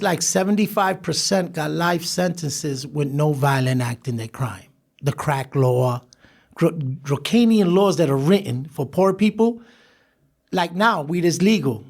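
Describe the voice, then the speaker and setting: A man as a podcast guest, telling his life story in an animated way, laughing and acting out the people he quotes. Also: fairly high pitch, vocal fry. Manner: animated, laughs through stories, acts out quoted voices. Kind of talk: storytelling interview.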